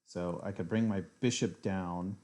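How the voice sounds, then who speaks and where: A man's voice: deep voice, steady tone, measured pace, a little mellow. A man streaming a live chess game, thinking aloud as he weighs his moves, muttering and correcting himself as he goes. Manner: muttering, self-correcting, analytical.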